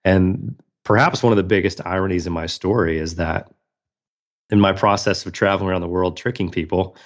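A man's voice: deep voice, fairly even intonation, a little fast. A man in his thirties, a podcast guest telling a personal story in an earnest, reflective way.

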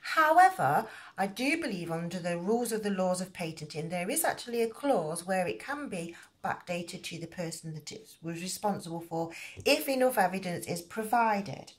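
A woman's voice: on the low side, animated, normal speed. A middle-aged woman hosting a crochet channel, explaining at length in a rambling casual way with many fillers and restarts.

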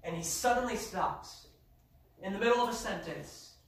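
A man's voice: high-pitched, lively intonation, normal speed, gravelly, recorded from a distance. Man, pastor, emphatic sermon, heard from afar in a very echoey church. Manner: emphatic preaching, rising to shouts. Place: church sanctuary.

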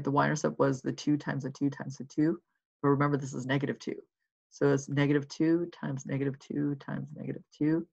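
A math teacher records a lesson, working through problems aloud in a casual, reassuring way and checking in with listeners as the writing goes along. The voice sits in a middle pitch with a gravelly edge. The recording is slightly muffled and lo-fi. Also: a little mellow. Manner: encouraging and reassuring.

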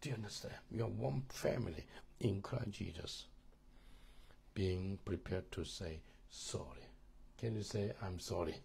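A man teaching a church marriage course, earnest and halting, often repeating words and asking listeners if they understand. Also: sits low, vocal fry, a little mellow, husky.

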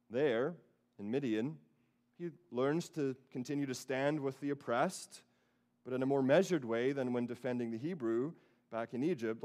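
Storytelling man preaching a sermon. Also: mid-range voice. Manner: storytelling, acting out lively quoted voices. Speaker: pastor. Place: church sanctuary.

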